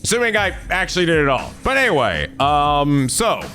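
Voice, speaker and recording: A young man hosting a let's play, chatting casually and profanely, laughing often and jumping between low mutters and loud yelps. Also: wildly swooping pitch, moderate pace, faint music behind. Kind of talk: casual gameplay commentary.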